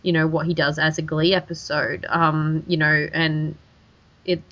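A chatty Australian woman co-hosting a casual podcast, her voice bright and forward. She trips over her words and restarts often. The recording sounds dull and lo-fi. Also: low voice, flat delivery, unhurried. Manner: chatty, many restarts and fillers. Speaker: podcast co-host. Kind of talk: casual chat.

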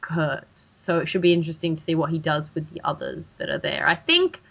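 A woman with an Australian accent co-hosting a podcast in casual chat, talking fast with lots of restarts and fillers. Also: low voice, vocal fry, fairly bright tone. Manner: chatty, many restarts and fillers. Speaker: podcast co-host. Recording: dull lo-fi recording.

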